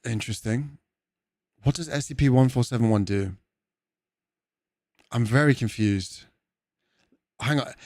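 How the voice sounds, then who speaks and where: Young man, British accent, live streamer, casual chat, swears and laughs a lot, mid-pitched, dry close sound. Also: darkish tone, dry recording. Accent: British English. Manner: chatty, swears freely, laughs often, slips into jokey put-on voices.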